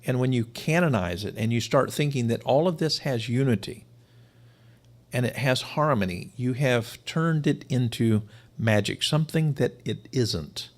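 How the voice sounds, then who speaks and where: A man's voice: medium pitch, lively intonation, unhurried. A man teaching to a live audience, explaining his points emphatically and sometimes repeating words for stress. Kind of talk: live-streamed lecture.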